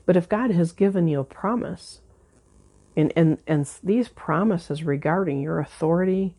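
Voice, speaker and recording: Woman, pastor, conversational sermon, mellow husky voice, emphatic repetition. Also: lowish voice, moderate pace. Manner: earnest, emphatic, repeats words for stress.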